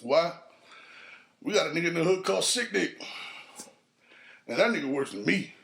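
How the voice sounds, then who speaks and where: A man hosting a podcast, telling a crude street story in a casual, profane monologue and jumping into higher voices for the people he quotes. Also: animated, moderate pace, creaky, a bit bright. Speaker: podcast host.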